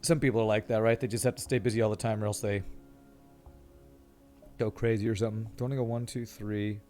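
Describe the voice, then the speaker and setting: Over soft background music, this man talks fast in a lowish, slightly mellow voice with flat delivery. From California, he streams a game and rambles with his viewers, repeating words while thinking, tired after a busy season.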